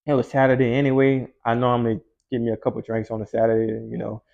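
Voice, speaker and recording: A man's voice: mid-range voice, little pitch movement, quick pace, gravelly. A young man from Louisiana, telling a story in a laid-back, slangy way. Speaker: vlogger. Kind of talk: casual storytelling. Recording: dull lo-fi recording.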